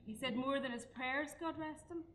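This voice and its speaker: An actress with a Northern Irish accent playing a cheeky, brash friend full of teasing banter. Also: female voice, high voice, normal speed, a bit bright. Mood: chatty. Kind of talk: stage play acting.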